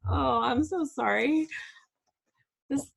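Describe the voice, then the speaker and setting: A woman's voice: high-pitched, slow, vocal fry. A middle-aged woman hosting a live crafting stream, chatting casually and laughing often as she reads out viewer comments. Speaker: livestream host. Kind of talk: casual chat while crafting.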